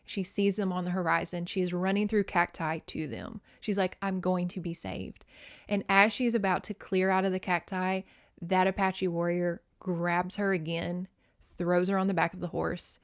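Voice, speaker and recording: A woman's voice: on the low side, fairly even intonation, moderate pace. A woman hosting a podcast, recapping a novel in casual chat, swearing often and reacting with feeling. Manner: profane, emotionally invested storytelling. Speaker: podcast host.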